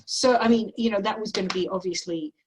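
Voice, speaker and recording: A woman's voice: medium pitch, fast, distant mic, slight background noise, rough recording. A woman host asking chatty, rambling questions with many fillers on a video call. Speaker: podcast host. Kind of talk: casual interview chat.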